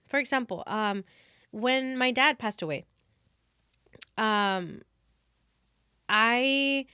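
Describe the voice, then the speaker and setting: A woman's voice: fairly high pitch, pushed and bright, clean tone, dry recording, clean studio sound. A woman co-hosting a podcast in casual chat, talking in rambling runs full of fillers and restarts. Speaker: podcast co-host.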